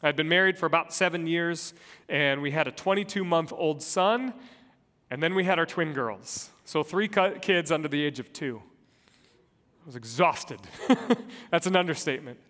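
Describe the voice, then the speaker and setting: Pastor guy preaching, earnest and personal, kinda high voice, big reverb hall. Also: moderate pace. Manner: earnest, personal storytelling with shifts between soft and loud. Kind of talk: sermon.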